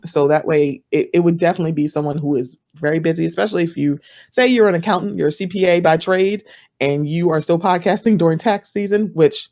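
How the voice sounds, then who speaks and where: A chatty woman on a panel gives casual advice in a fairly low voice. She acts out other people's lines with leaps up in pitch. The sound is dull and lo-fi, like an online call. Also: fast, darkish tone.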